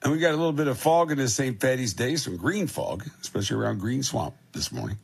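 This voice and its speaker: A man hosting a radio morning show, giving weather, time checks and shout-outs in brisk, jokey DJ patter. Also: mid-range voice, very animated, gravelly, slightly rough. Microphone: studio broadcast mic.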